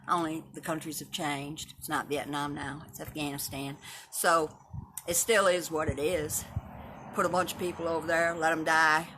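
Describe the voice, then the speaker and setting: This Texas livestream host, a woman in her seventies, has a low voice with a flat, sharp delivery at normal speed. Talking straight to viewers from her house and yard, she's blunt, opinionated, and swears freely, with slight noise in the background.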